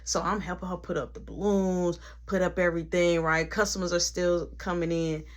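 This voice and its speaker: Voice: mid-range voice, moderate pace. A woman telling a personal story in casual slang, acting out every line of dialogue. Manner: animated, acts out dialogue, heavy slang. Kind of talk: storytime narration.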